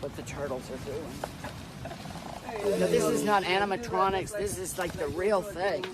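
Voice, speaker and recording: A man with a Southern US accent chatting to camera in an animated, exclaiming storytelling way. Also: high voice, normal speed, a loud crowd. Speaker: social media personality. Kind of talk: casual monologue to phone camera.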